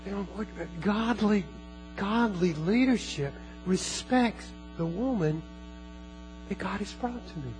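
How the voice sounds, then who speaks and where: A man preaching a sermon as pastor, earnest, repeating phrases and slowing down for emphasis. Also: high-pitched, lively intonation, over music, poor audio.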